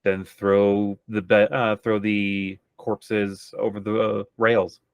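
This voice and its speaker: A male game master narrates a tabletop game. He talks slowly in a low voice, with plenty of fillers and pauses. The sound is close and dry. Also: flat delivery, gravelly, clean tone, dry recording, phone-quality sound. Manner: unhurried, with many fillers.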